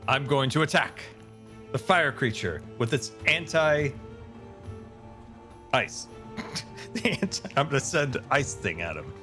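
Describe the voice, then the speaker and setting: A man playing a tabletop game in a bright, sharp voice that leaps up and down in pitch. He is excitable and a little unsure, often asking what to do next. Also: slow, long pauses, soft background music. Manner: excitable, unsure, asks many questions. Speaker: player. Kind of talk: casual tabletop play.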